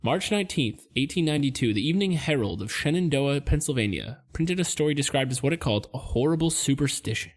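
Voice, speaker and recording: A man's voice: on the high side, expressive, fast talker, hardly any pauses. Laid-back man hosting a chatty podcast. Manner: laid-back, laughing, lots of fillers. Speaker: podcast host presenting the topic. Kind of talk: casual podcast chat.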